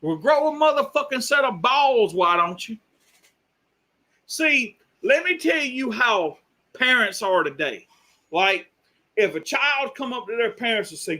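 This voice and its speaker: A man's voice: extremely high pitch, sing-song, slow pace, sharp tone. A man on a live stream delivering an angry, profane, exasperated rant.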